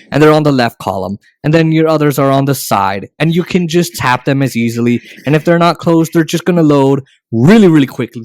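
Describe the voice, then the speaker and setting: A man's voice: mid-range voice, darkish tone, no room sound. A man hosting a casual tech podcast, opinionated and sarcastic, often restarting his sentences. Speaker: podcast host.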